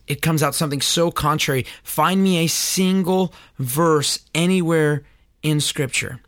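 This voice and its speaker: A man's voice: fairly high pitch, fairly bright tone, no echo, studio quality. A man hosting a critical commentary show on church teaching, earnest and preachy, sometimes stumbling over his words. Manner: earnest, preachy, stammering restarts. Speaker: host.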